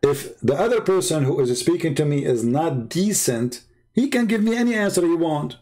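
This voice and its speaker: A man hosts a livestream in a scornful, emphatic voice that sits somewhat high. His English is non-native, with broken grammar, and his voice sounds slightly hoarse. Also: lively intonation, moderate pace, mellow. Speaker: host of a debate livestream. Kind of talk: livestream commentary while calling viewers.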